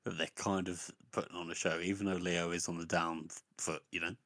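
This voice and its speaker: A man's voice: low-pitched, flat delivery, brisk, fairly bright tone, no room sound. A man co-hosting a podcast, talking bluntly and profanely about a book in casual chat. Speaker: podcast co-host.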